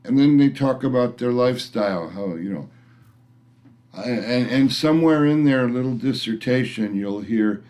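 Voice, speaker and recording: A middle-aged man vlogs a casual rant to the camera in a mid-range, darkish voice at a moderate pace. He is grumpy and blunt, rambling and frequently starting his sentences over.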